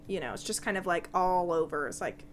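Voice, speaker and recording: A woman's voice: on the low side, fairly quick. A young woman narrating as game master in a casual, rambling way full of fillers.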